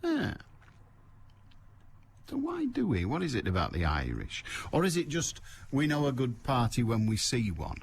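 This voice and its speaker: A man's voice: medium pitch, huge pitch swings, normal speed, vocal fry, pauses often, breathy edge. An older man hosting a radio phone-in, chatting in a dry, self-mocking, rambling way. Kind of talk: rambling solo radio chat. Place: radio studio. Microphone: studio mic.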